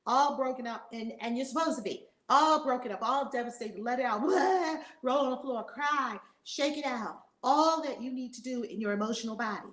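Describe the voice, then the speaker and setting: A woman's voice: on the high side, normal speed, few pauses. Emphatic middle-aged woman teacher, echoey room. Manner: emphatic, repetitive, swings between loud and hushed; casual, swears freely. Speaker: spiritual teacher. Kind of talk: impassioned spiritual talk.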